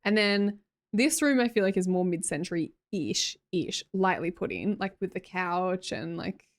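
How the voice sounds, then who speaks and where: A woman's voice: fairly low pitch, lively intonation, a little slow. An Australian woman live streamer chatting casually with viewers, scattered and self-mocking, laughing often. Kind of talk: casual chat reading viewer messages.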